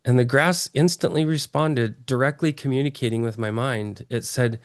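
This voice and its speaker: Earnest, excitable man from Texas. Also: mid-range voice, moderate pace, few pauses, dry recording, studio quality. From Texas, USA. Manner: earnest, excitable, often restarts phrases. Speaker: interview guest. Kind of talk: personal storytelling in an interview.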